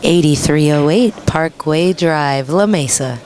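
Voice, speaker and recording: A commentator calls a pool match on a live stream, chatty and jokey and quick to laugh. His mid-range voice is a little mellow and measured in pace, with the pool hall crowd audible behind him.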